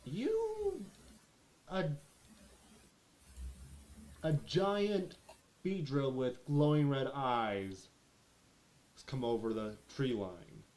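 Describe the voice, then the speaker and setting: Slow, halting game master man. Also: medium pitch, very animated, a little mellow. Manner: halting, restarts phrases while narrating. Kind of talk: narrating a tabletop game.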